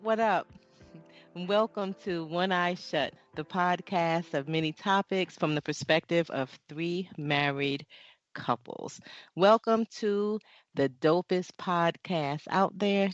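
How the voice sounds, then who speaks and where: A man hosting a podcast, opening with an energetic, upbeat welcome in casual chat. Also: fairly high pitch, clean tone. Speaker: podcast host. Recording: dull lo-fi podcast audio.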